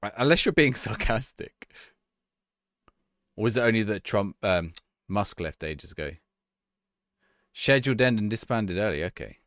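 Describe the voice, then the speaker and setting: A man's voice: fairly low pitch, animated, moderate pace, long pauses, a bit bright, no echo, clean studio sound. A man chatting casually to his viewers on a live stream, laughing and reacting to a match as he talks. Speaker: livestreamer.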